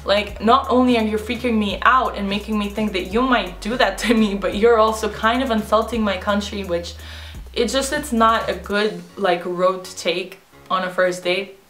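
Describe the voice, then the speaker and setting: A young woman tells a casual storytime straight to camera. She talks in quick bursts and says "like" every few words. Her voice sits at an ordinary pitch, with a roomy echo around it and soft music underneath. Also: fairly even intonation. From Russia. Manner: chatty, rapid, peppered with "like". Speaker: vlogger.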